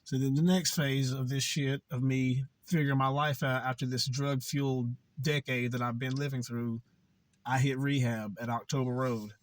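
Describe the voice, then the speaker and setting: A man's voice: medium pitch, fairly even intonation, normal speed, no echo. A young man vlogging, telling a candid personal story in a blunt, profane, conversational way.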